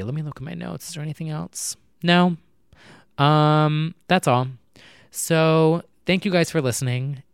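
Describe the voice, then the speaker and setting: A man talks through a casual solo podcast episode, wandering from thought to thought with plenty of "like" and "um." His voice is smooth and resonant, recorded close and dry in a quiet room at home. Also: medium pitch, no room sound. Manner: rambling, filler-heavy and self-mocking. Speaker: podcast host.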